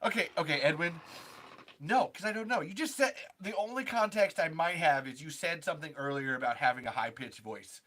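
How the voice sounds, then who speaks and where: A man's voice: on the high side, expressive, fairly quick, pushed and bright. A man, a comedian and impressionist, chatting on a podcast in a rambling, self-deprecating way with many restarts. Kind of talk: casual podcast chat.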